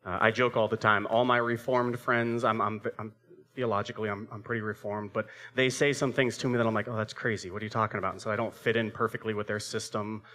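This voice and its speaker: A man's voice: on the low side, little pitch movement, fast talker, sharp tone. A man in his thirties preaching a sermon as pastor, telling a family story with acted-out voices and asking the congregation rhetorical questions.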